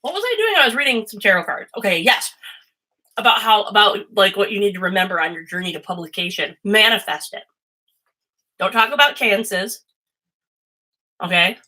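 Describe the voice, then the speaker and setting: A woman chatting loosely on a livestream while reading tarot, her voice bright and sharp-edged. She rambles from story to story, swears freely and drifts off on tangents at a mid-range pitch. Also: animated, moderate pace, long pauses, rough recording. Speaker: host and tarot reader. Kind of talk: casual livestream chat.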